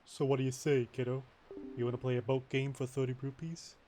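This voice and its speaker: A man voicing a smooth-talking male boat game hustler in a low, coaxing way. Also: little pitch movement, brisk, mellow, natural voice.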